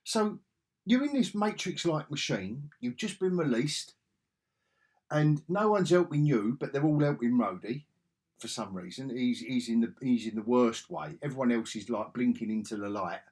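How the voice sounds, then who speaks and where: A man's voice: mid-range voice, animated, normal speed, darkish tone, breathy edge. A man giving a casual video review, ranting sarcastically and exasperatedly, with frequent restarts. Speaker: film reviewer.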